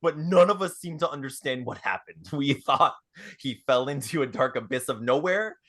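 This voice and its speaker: A man recounting a session in a rambling way, laughing through his story. His voice is bright and forceful, at a middle pitch. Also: animated, normal speed. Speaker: player. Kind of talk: casual tabletop podcast chat.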